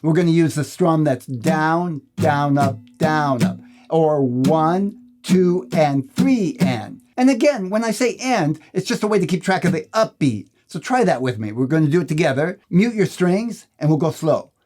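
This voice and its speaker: Guy teaching guitar, voice a bit high, counting out beats, guitar strums behind. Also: lively intonation, unhurried, few pauses, a little mellow. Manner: friendly, counts beats aloud. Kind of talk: guitar lesson.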